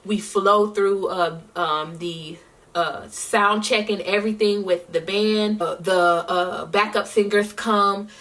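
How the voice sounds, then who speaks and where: A woman chats through a vlog recap at an ordinary pitch. Her story rambles along with plenty of fillers and friendly shout-outs. Her voice sounds slightly distant from the microphone. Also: steady tone, slow. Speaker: singer recapping her year. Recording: voice a bit distant from the mic.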